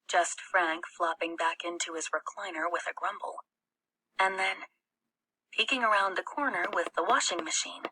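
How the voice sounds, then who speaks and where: A woman reading a novel aloud, slow and careful in her storytelling. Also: fairly low pitch, pushed and bright, slightly rough. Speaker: audiobook reader.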